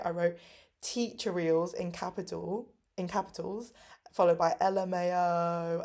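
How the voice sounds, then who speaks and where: A woman's voice: vocal fry, darkish tone. A woman in her twenties from England, chatting casually about her teaching days in an upbeat, filler-heavy way. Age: 20s. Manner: upbeat, lots of fillers, acts out kids' voices with big pitch jumps. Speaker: English teacher vlogger. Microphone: phone camera.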